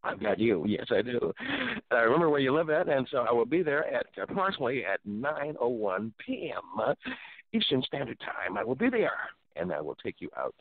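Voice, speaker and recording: Animated preacherly man telling a story. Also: medium pitch, a little fast, gravelly, dry recording. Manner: animated preacherly, exclaims often. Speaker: talk show host. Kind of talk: casual storytelling. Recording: dry tinny phone-like sound.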